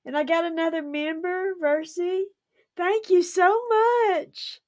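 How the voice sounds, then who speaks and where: A woman's voice: extremely high pitch, fairly even intonation, measured pace, darkish tone, dry recording, studio quality. A woman, hosting a casual livestream and chatting effusively with frequent giggles. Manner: effusive and giggly, laughs often. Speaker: livestream host.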